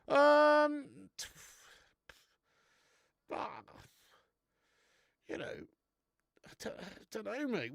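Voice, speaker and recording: A man's voice: on the high side, no echo, clean studio sound. Chatty male live-stream beer reviewer. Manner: chatty, laughs often, calls viewers mate. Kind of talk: casual live-stream chat.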